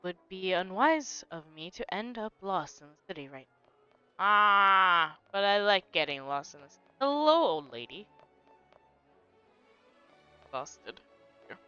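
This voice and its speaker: A woman's voice: medium pitch, very animated, unhurried, long pauses, sharp tone, smooth. Playful woman narrating a game playthrough. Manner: playful, reads game dialogue aloud. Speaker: gaming host. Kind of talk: casual game playthrough commentary. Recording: dull lo-fi with faint game music.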